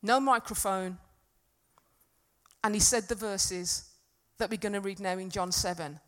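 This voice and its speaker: A woman preaching a sermon to a congregation, earnest and emphatic, swinging from loud peaks to soft, quiet stretches. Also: mid-range voice, measured pace. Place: church hall with congregation.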